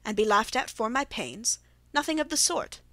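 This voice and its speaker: Woman reading as a stubborn, scornful old English gentleman. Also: on the high side, lively intonation, normal speed, dry recording. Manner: dismissive, blustering.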